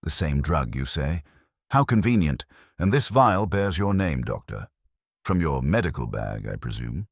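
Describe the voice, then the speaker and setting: A man voicing a fastidious older male detective who speaks in a precise, measured way. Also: extremely low pitch, very animated, vocal fry, dry recording, studio quality, heavily acted. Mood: probing.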